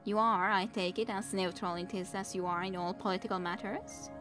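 A woman's voice: mid-range voice, fairly even intonation, brisk, fairly bright tone, soft background music, lightly acted. A woman reading as a haughty scheming queen. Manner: haughty, cutting, commanding. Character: scheming ambitious queen mother, cold and imperious.

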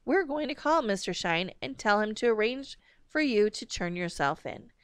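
A woman's voice: medium pitch, expressive, normal speed, smooth, no room sound, studio quality, voice pushed up, natural voice. A woman reading aloud, voicing a stern mother who speaks tersely and crossly. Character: stern, exasperated mother, calm and curt.

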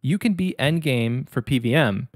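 A man co-hosting a podcast, explaining his view in a measured, agreeable casual chat. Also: mid-range voice, lively intonation, dry recording, clean studio sound. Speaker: podcast co-host.

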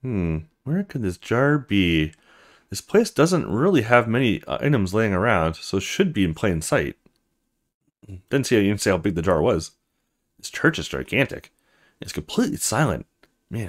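A man's voice: lowish voice, sing-song, normal speed, pauses often. A young man playing a video game, reading its lines aloud and swearing a lot. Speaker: let's player. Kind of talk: gaming commentary reading dialogue aloud.

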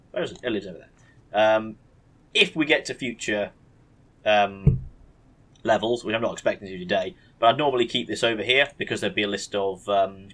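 A man's voice: fairly low pitch, fairly bright tone. A man hosting a casual let's play, rambling and self-deprecating as he reads game text aloud. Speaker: gaming channel host.

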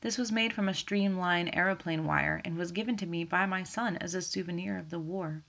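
A woman reading the part of a proud, composed middle-aged widow who speaks in a low, restrained tone. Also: brisk, vocal fry, fairly bright tone.

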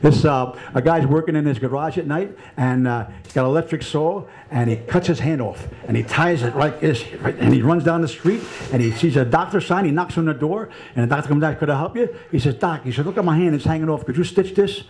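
Man telling a bar joke, slightly high. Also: a little fast, hardly any pauses, slight background noise. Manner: animated storyteller, acts out the characters' lines.

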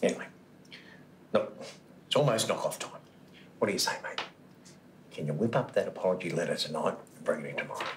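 Chummy Australian store manager. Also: male voice, sits low, lively intonation, a little fast, pauses often, fairly bright tone, a little hiss or hum. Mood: placating. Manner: placating, chummy. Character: smooth-talking male store manager.

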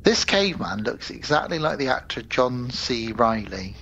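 A man co-hosting a podcast, casually retelling a film's plot with animated asides and quick acted-out quotes. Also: mid-range voice, highs cut off, slight background noise. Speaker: podcast co-host. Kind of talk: casual chat.

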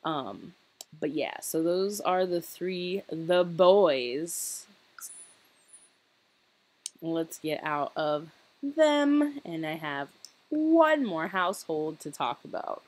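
A young woman rambling through casual gameplay commentary, chatty and quick to laugh at herself. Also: on the low side, sing-song. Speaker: gaming channel host.

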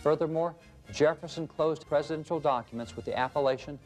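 A man's voice: on the high side, a little fast, faint music behind. A man giving scripted documentary narration in an emphatic style, stressing words and posing rhetorical questions. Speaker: narrator of a history video series.

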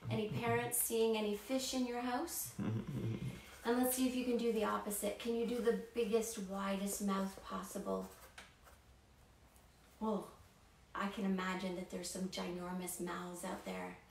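A woman storyteller running an interactive children's show, playful and animated, talking straight to the children watching. Her voice is picked up a bit away from the mic in an echoey room. A faint hiss sits behind it. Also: mid-range voice, normal speed, far from the mic. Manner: animated, playful, talks straight to young viewers.

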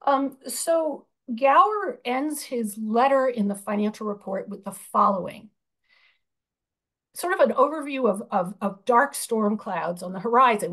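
Woman, fairly high voice, explanatory, fillers and restarts, video call presentation. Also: lively intonation, unhurried, a bit bright. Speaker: union budget committee chair.

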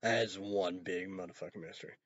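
A man on his own channel, rambling and swearing, swinging from loud outbursts to low mumbles. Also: steady tone, a little fast, no echo. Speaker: vlogger. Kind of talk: rambling solo rant. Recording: dull, muffled lo-fi sound.

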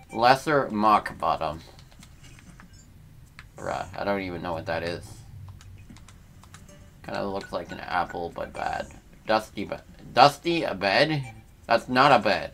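Laid-back man with a low voice. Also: fairly bright tone, slight background noise. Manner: laid-back, slangy, thinking aloud. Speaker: let's-play host. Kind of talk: casual gameplay commentary.

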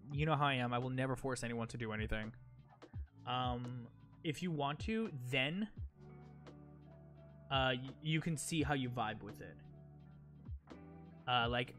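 A man's voice: mid-range voice, a bit bright. A man live-streaming a game, talking casually and directly to his chat viewers, rambling with many fillers and restarts while game music plays.

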